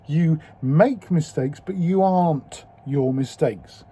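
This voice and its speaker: A man in his fifties speaking candidly and slowly in a personal video diary, swearing freely as he reflects. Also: on the high side, mellow, slightly rough. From England. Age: 50s. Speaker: video diarist.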